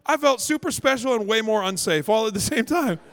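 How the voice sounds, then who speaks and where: A male pastor preaching a sermon as a lively, comic story, acting out the scenes. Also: high-pitched, fairly quick, creaky. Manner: animated, comic, acts out scenes. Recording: long hall reverb.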